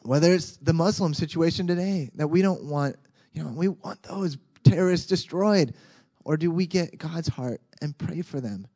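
A man preaching a sermon as a pastor in a conversational, animated way with frequent restarts. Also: a little high, moderate pace.

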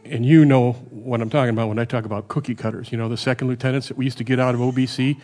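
A middle-aged man delivers a sermon in a loose, conversational manner. He keeps checking in with his listeners and swings between loud emphatic stretches and quiet, low asides. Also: fairly even intonation, very fast. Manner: varies loudness a lot, rising for emphasis and dropping low. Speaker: preacher.

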